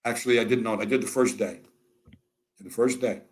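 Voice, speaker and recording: A man's voice: mid-range voice, a little fast. An older American man telling candid stories in an interview, acting out both sides of conversations with dry humor. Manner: animated, acts out dialogue with a dry wit. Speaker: interview guest. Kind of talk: candid storytelling.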